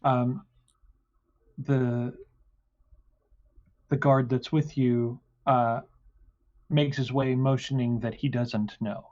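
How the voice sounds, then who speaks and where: A man narrating a tabletop game as game master, pausing often with fillers. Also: mid-range voice, fairly even intonation, darkish tone. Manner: halting, many fillers. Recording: dull lo-fi sound.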